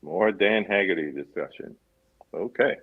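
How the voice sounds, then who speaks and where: Husky low-voiced New man hosting. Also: unhurried, phone-quality sound. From New York. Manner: chatty, laughs often. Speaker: podcast host. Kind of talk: casual video-call interview.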